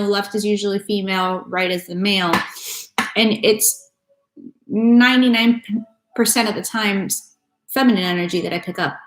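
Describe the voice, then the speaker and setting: Chatty woman doing a tarot live stream. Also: mid-range voice. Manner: chatty, loose and swearing, greets viewers by name. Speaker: tarot reader. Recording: echoey room with faint noise.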